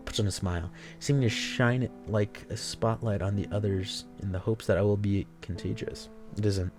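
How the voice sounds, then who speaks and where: A male streamer reading a story game aloud, swearing freely and breaking off into excited reactions. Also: sits low, a little fast, hardly any pauses, faint music behind.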